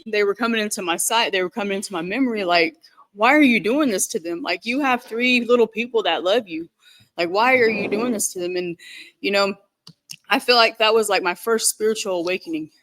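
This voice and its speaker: A woman telling her recovery story in an earnest, candid way, halting often and repeating herself with many fillers. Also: medium pitch, a bit bright. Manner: halting, repetitive, with many "you know" fillers. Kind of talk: personal recovery testimony.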